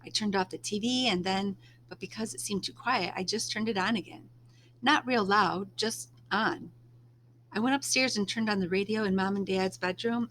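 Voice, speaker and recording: A woman reading a first-person novel aloud in a soft, unhurried storytelling manner, now and then dropping to a hush. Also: medium pitch, slight background noise. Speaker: reader.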